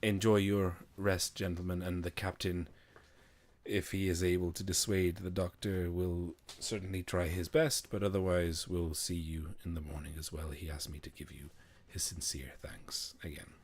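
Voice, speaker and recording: A man's voice: deep voice, flat delivery, normal speed, darkish tone. A man voicing a courteous male ship's officer in a tabletop game, speaking formally and politely.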